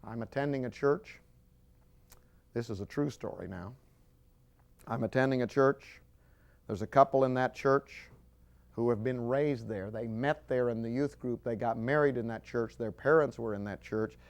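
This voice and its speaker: A man preaching a sermon with animated storytelling, acting out scenes as he goes. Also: mid-range voice, moderate pace, gravelly, long pauses.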